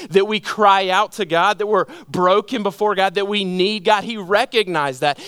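A man preaching a sermon, telling a story and letting his voice drop low and quiet at the heaviest moments, then building with emphatic repeated phrases. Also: clean tone, dry recording. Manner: storytelling, drops low and quiet at emotional points. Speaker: pastor.

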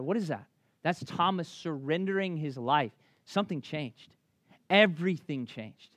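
A man with a slightly high voice, recorded without room sound, preaches in a relaxed, conversational way. He's a pastor in his thirties from Memphis, Tennessee, thickly Southern-accented, telling lively stories with quick restarts.

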